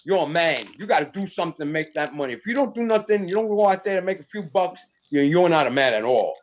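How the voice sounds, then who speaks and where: A man's voice: on the high side, fast talker, lo-fi sound. A middle-aged man, an actor, chatting casually and acting out the people in his stories. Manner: animated storyteller acting out dialogue. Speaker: actor guest. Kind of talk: casual chat.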